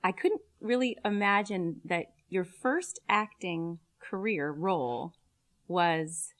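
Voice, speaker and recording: A woman's voice: fairly low pitch, animated, takes it slowly, fairly bright tone. A woman hosting a talk interview, asking questions in a friendly, encouraging way. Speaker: talk show host.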